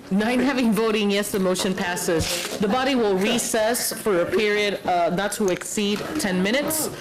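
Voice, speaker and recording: A woman chairing a city council meeting, running the procedure briskly. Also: mid-range voice, a crowd in the background, poor audio.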